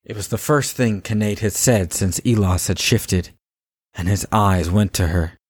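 A male narrator reads a fantasy story at a measured, even pace. His voice is very deep. The recording is dry and close. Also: no room sound. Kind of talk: scripted audiobook narration.

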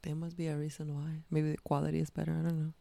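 A woman with a low voice reacts in casual chat, adding short comments and laughs. Her voice is close and dry, with no room echo. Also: monotone, quick pace, gravelly, warm tone. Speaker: podcast co-host.

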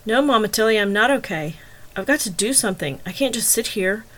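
A woman's voice: mid-range voice, lively intonation, a little fast, a bit bright, lightly acted. Woman reading as an anxious young man. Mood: desperate. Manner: urgent, pleading. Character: young man, anxious, impatient, guilt-ridden.

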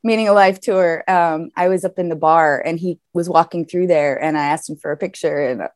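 A woman raised in the American South tells a fan story in a casual chat, animated and laughing often. Her voice sits a little low for a woman. The sound is dry and close. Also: a little fast, no echo.

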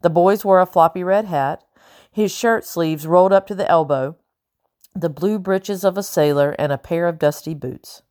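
A woman reads a first-person audiobook in a steady, measured way, her voice sitting a little low. She is close to the mic, and the sound is dry with no room around it. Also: no echo. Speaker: audiobook narrator.

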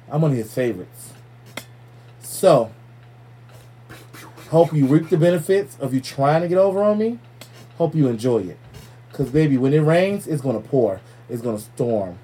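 Mellow-voiced man hosting a casual podcast. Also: medium pitch, breathy edge. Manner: loose, profane, playful shout-outs. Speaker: podcast host. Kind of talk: casual chat.

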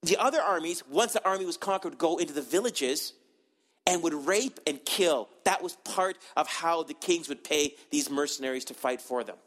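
Higher-voiced man preaching an emphatic sermon. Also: lively intonation, normal speed, a bit bright. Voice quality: earnest, emphatic, with repeated restarts. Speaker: pastor.

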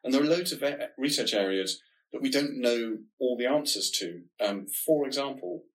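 A man with a nasal voice, co-hosting a podcast and explaining research in a measured, reassuring way. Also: mid-range voice, lively intonation, poor audio. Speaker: diabetes research podcast co-host.

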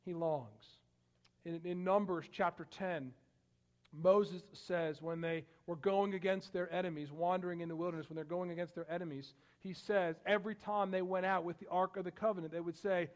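A man's voice: sits high, steady tone, normal speed, darkish tone. A male pastor preaching a sermon, building to emphatic bursts on scripture and often repeating words as he goes. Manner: frequent word repeats and restarts.

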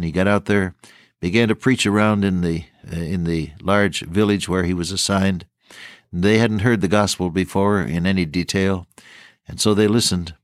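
A man with a fairly low voice delivers an earnest sermon, drawing out key words for emphasis. The sound is close and dry, with no room echo. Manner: quotes old-fashioned scripture phrasing. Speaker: preacher.

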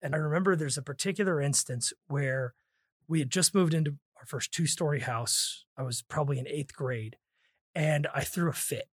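A man's voice: on the high side, normal speed, slightly rough, dry recording, studio quality. A man co-hosting a podcast, chatting about a book and reading passages aloud with stress on words. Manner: reads quoted passages with stressed words, lively. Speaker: podcast co-host. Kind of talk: casual book discussion with read-aloud passages.

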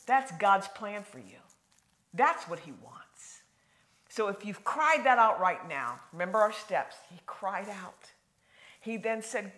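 A woman preaching a sermon in a folksy, conversational way, swinging from loud emphasis to hushed, near-whispered lines. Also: on the high side, very animated, measured pace.

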